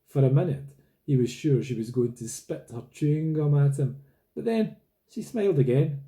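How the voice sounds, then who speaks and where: A man reading a novel aloud in steady, plain storytelling. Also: a little high, normal speed. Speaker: reader.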